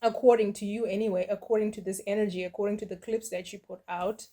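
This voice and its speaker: A middle-aged woman dishing out casual reaction commentary. She is blunt and sassy, with a mocking edge and dismissive asides, and her voice sits at an ordinary pitch for a woman. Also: fairly even intonation, fast talker, mellow. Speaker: reaction video host.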